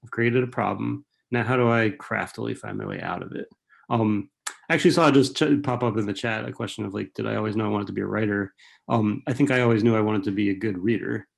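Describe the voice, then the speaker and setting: A man's voice: fairly low pitch, fairly quick, gravelly. A man who writes and teaches fiction, answering audience questions in a rambling, casual way full of fillers and rhetorical "right?" tags, over a video call. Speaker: author and writing professor.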